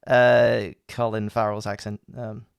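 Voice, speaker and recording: A man co-hosting a casual podcast chat, full of quick, teasing banter. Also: lowish voice, level tone, vocal fry, clear, resonant tone, dry recording. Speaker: podcast co-host.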